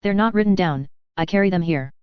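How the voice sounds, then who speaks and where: Hushed solemn older cousin, as a woman narrator reads him, storybook, low pitch, dull dry sound. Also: brisk, clean tone, dry recording, close to an everyday voice. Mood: conspiratorial. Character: odd, kindly, secretive older male cousin.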